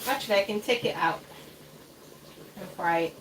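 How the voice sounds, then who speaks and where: Streaming herself cooking at home, this woman talks casually in a fairly bright mid-range voice at normal speed, wandering off topic, laughing a lot, and filling gaps with hesitations. It's picked up by a faraway mic over faint background noise.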